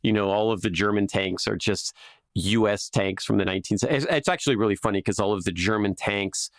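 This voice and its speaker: A man's voice: on the low side, brisk, no echo, clean studio sound. A man hosting a podcast, chatting casually in a rambling way full of filler words, recording in a small closet. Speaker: podcast host.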